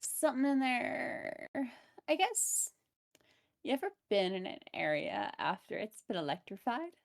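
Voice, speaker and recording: Lady putting on a sly little goblin caster, fussy and theatrical, pitch swoops around. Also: very animated, measured pace, gravelly, no room sound, studio quality.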